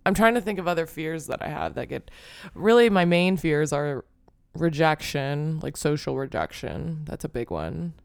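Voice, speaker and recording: This casual solo podcast features its young adult female host talking alone in a low, animated voice with vocal fry, at a normal pace. Rambling and self-deprecating, she leans heavily on "like" and swears casually. The audio is studio quality, without echo.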